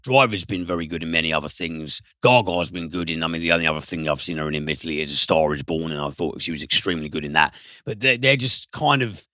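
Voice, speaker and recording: A man reviewing films on a podcast, animated and given to swearing and sudden high mimicry. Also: quick pace, few pauses, no echo, studio quality. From United Kingdom. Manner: animated, swears, mimics voices with big pitch jumps. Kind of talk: casual podcast film review.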